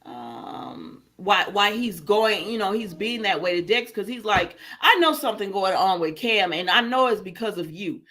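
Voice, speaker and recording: On a casual livestream, a woman with a medium-pitched, fairly bright voice and lively intonation recaps a soap opera episode at a moderate pace with few pauses. The soap opera review host quotes the characters, answers viewer comments, and laughs often amid lots of fillers.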